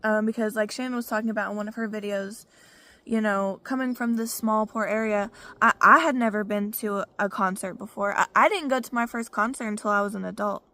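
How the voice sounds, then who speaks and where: Talking a little fast in a mid-range voice with a sharp tone and fairly even intonation, a woman vlogger from Arkansas, US, tells her own story. It's a casual testimony, frank, profane, and full of "you know" fillers.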